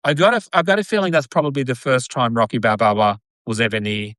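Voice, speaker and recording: A man's voice: medium pitch, fairly even intonation, fast, a bit bright, dry recording. Rambling man hosting a podcast. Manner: rambling, lots of fillers and repeated yeahs. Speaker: podcast host. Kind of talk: casual chat on a live video.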